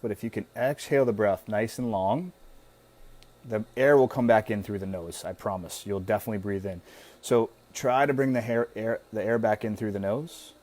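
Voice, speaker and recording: A man talking as guest host in a casual live-stream coaching talk, relaxed and conversational, now and then acting out an anxious inner voice. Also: medium pitch.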